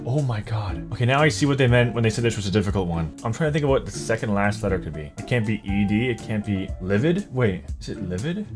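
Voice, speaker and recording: A man doing casual gameplay commentary, thinking aloud, muttering word guesses and swearing at hard words. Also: mid-range voice. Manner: greets viewers with "ladies and gentlemen". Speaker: gaming YouTuber.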